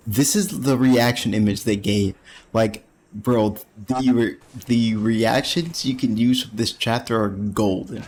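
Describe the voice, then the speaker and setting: A man in a casual manga review, talking in a rambling, slangy way and laughing often. His voice sits at an ordinary middle pitch. A faint hiss of noise runs behind him. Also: fairly even intonation, unhurried, darkish tone. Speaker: anime reviewer.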